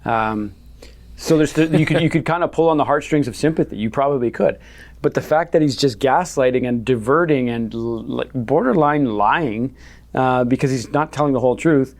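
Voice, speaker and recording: A man's voice: medium pitch, moderate pace. A man co-hosting a podcast, ranting in a casual, exasperated way about politics. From Canada. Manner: animated, exasperated, mocking impressions. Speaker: podcast co-host.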